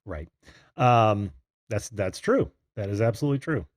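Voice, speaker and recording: A man's voice: lowish voice, expressive, heavy background noise. A man hosting a casual video call-in chat, laughing often. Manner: laughs often, drawn-out easy delivery. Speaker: host.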